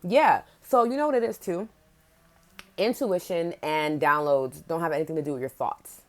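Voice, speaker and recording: Hosting a casual livestream podcast, a low-voiced woman talks at normal speed, chatting candidly, leaning on "like" a lot and swearing without fuss.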